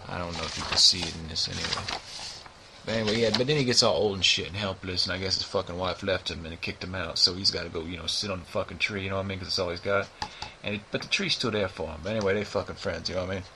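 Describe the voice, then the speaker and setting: Deep-voiced, cursing man rambling a review. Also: steady tone, quick pace, background noise. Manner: profane, rambling, constant "you know what I mean" fillers. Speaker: book reviewer. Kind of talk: casual rambling book review.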